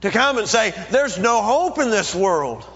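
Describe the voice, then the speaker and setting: A man's voice: high-pitched, sing-song, measured pace, a bit bright, breathy edge. A middle-aged male pastor preaching a sermon, dramatically acting out pleading prayers. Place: church. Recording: dull echoey church recording.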